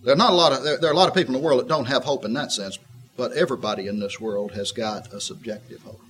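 A man giving a conversational Bible teaching, folksy and reflective, with a husky voice. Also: medium pitch, fast, a bit bright, slight background noise, low-quality recording. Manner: folksy and reflective, voices the woman with a tart, skeptical edge. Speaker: preacher.

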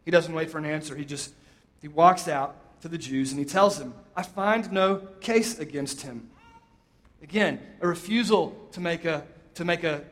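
Retelling a scripture story, a man with a fairly high voice preaches a sermon. He raises his voice for quoted lines and lowers it softly for emphasis, pausing deliberately.

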